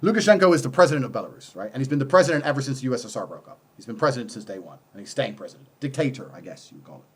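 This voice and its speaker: A man as a podcast guest, delivering a forceful monologue full of swearing and rhetorical questions. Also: medium pitch, big pitch swings, rapid-fire, breathy edge. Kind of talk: heated monologue.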